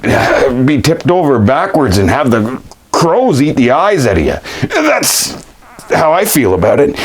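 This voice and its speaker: A man in a comedy sketch, ranting in a rambling way full of fillers and restarts, getting heated. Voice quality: lively swooping pitch.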